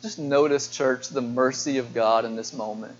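A man's voice: medium pitch, steady tone, moderate pace. A man preaching a sermon to his church. He speaks earnestly, poses questions to the congregation and often repeats words. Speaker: pastor. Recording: dull lo-fi sermon recording.

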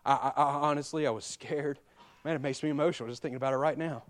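A man, preaching a sermon that moves between quiet personal confession and loud, emphatic exhortation. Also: medium pitch, fairly even intonation, quick pace. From Alabama. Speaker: pastor.

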